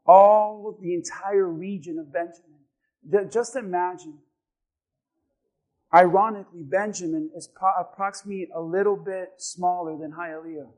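High-voiced preacher, swelling to shouts. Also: male voice, normal speed. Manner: builds from calm storytelling to shouted exhortation. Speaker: pastor. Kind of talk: sermon.

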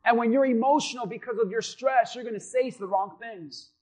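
A man's voice: very high voice, brisk, a little mellow. A male pastor preaching a sermon, asking the congregation questions and acting out quotes in between. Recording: dull lo-fi recording.

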